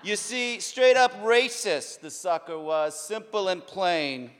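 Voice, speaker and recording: A man's voice: high voice, lively intonation, fairly bright tone, clear, resonant tone. A man hosting a public reading, reciting quotations in a dramatic, emphatic way into a stage microphone in a large public hall. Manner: declamatory, emphatic, measured delivery. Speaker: event host reading quotations. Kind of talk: dramatic spoken-word recitation. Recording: long reverb of a large hall.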